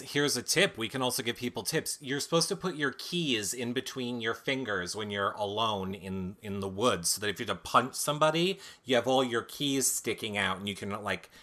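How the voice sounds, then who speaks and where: A man's voice: fairly low pitch, animated, normal speed, few pauses, sharp tone. A man hosting a casual chat, dryly teasing his guest and reading out listener questions. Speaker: host.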